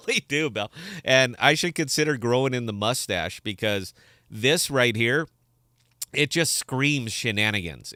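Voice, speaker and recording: A man's voice: mid-range voice, pushed and bright, dry recording, clean studio sound. A man in his forties hosting a casual livestream podcast, rambling and joking about himself as he chats. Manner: rambling, joking and self-mocking. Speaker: podcast host.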